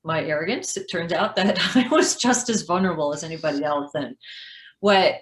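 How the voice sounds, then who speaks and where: A woman in her fifties candidly telling a personal story on a video call, animated and frank. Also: fairly low pitch, moderate pace, echoey room, rough recording. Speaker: guest speaker.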